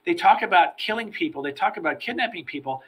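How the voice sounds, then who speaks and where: A middle-aged man, a former federal agent, telling stories from his career as a podcast guest, animated and repeating words as he starts his sentences. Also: high voice, fast talker, husky. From United States. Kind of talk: storytelling in a podcast interview.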